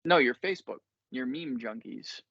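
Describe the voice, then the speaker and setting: A man talks casually as host, rambling through his thoughts and poking fun at himself. His voice sits at an ordinary pitch. The recording is dry and a little muffled, slightly lo-fi. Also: lively intonation, normal speed, a bit bright, no echo. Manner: rambling, self-deprecating, laughs easily. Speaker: podcast host. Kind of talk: casual chat.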